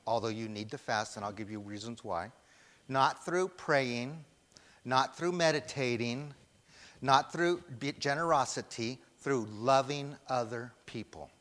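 Long reverb from a hall trails behind a man delivering an emphatic sermon. He has a mid-range, fairly bright voice and poses questions to the congregation, then waits for their answers.

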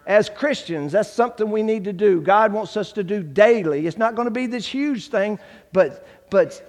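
A man with a drawl preaches in a high, bright tenor, acting out the people in his testimony. His voice rings with a long reverb off the church sanctuary. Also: moderate pace. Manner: animated storytelling, acts out quoted voices. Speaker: guest preacher. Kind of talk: sermon with personal testimony.

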